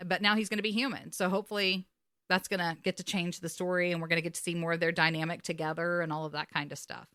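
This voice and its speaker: A woman talks through a TV episode in casual podcast chat. She swears freely and gets emotional as she retells scenes. Her voice is bright and forceful, and the recording is dry and close. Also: fairly low pitch, flat delivery, fast talker, no echo. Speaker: podcast co-host.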